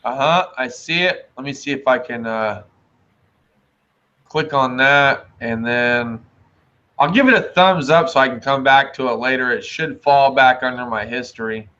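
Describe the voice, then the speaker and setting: A man in casual podcast chat, telling stories excitedly with lots of swearing and laughter. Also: mid-range voice, a little slow. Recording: slightly dull lo-fi sound.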